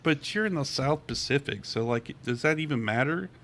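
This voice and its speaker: A man's voice: medium pitch, lively intonation, normal speed, crowd noise. An American man hosting a podcast in casual chat, sarcastic and profane. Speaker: podcast host.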